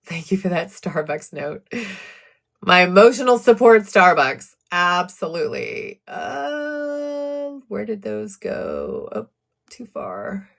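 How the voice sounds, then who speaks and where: A woman's voice: medium pitch, big pitch swings, slow, creaky, fairly bright tone. A woman hosting a live true crime stream, chatting casually about a court case and answering viewer comments with sarcastic asides.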